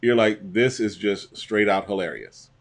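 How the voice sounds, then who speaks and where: A man co-hosting a casual chat, talking in a measured way and agreeing with short replies. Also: on the low side. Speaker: co-host.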